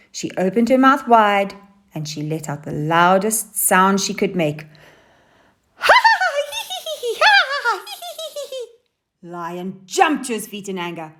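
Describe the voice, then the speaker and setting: A woman teacher reading a children's story aloud, with expressive and animated delivery. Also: fairly low pitch, unhurried, heavy background noise. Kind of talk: storybook narration.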